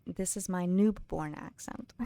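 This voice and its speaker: A British woman streaming a game live, chatting casually with viewers and reading in-game books aloud, laughing often and dropping into soft mutters. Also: on the low side, vocal fry, no echo.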